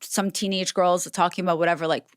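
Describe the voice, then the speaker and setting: A woman's voice: fairly low pitch, fast, smooth, no echo, studio quality. A woman on a podcast as a guest, telling a story in casual talk, acting out quoted voices and often restarting her sentences. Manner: animated, acts out quoted voices, frequent restarts.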